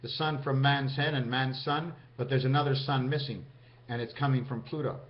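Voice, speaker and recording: In dull, lo-fi audio, a male vlogger with a medium-pitched voice and fairly even intonation rambles to camera about numerology at a moderate pace. He counts numbers out loud and speaks directly to viewers.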